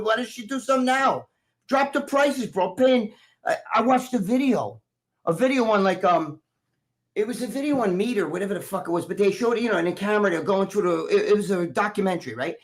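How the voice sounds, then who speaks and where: A man with a New Jersey accent, co-hosting a live stream and telling rambling, profane stories in casual chat. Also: sits high. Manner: profane, rambling storyteller who acts out other people's voices. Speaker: co-host of a live stream talk show.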